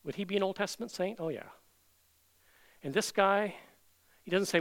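A man preaching a sermon as pastor, emphatic, with many rhetorical questions and loud declarations. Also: high voice, moderate pace, poor audio.

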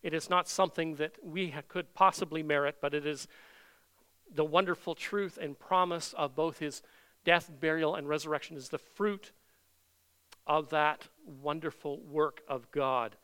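A man preaching an expository sermon, reading scripture aloud earnestly and slowing down to stress the quoted words. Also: a little high, fairly even intonation, fairly bright tone, clean tone.

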